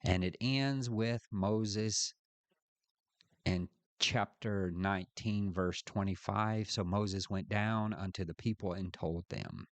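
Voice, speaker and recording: Male Bible teacher, lowish voice, reads verses with weight. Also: no echo. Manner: slow, deliberate, reads scripture aloud with emphasis. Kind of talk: scripture study lesson.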